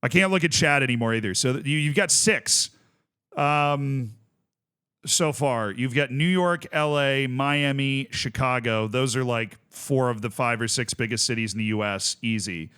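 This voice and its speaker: A man's voice: medium pitch, a little slow, fairly bright tone, clean tone. A young man from Tampa streaming a game, chatting casually and thinking aloud as he lists things and corrects himself. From Tampa, Florida. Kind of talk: casual livestream chat.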